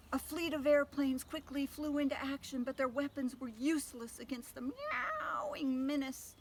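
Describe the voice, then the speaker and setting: An older woman reading a picture book aloud to children, gentle and pausing to ask them questions. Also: sits high, animated, slight background noise. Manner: gentle, asks listeners questions. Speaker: storyteller.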